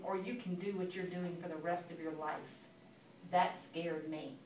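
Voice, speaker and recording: A woman, giving an animated motivational sales training talk to a live audience and acting out phone calls. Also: mid-range voice. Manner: animated, acts out phone calls, addresses listeners as girl. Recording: echoey room, from a distance, faint background noise.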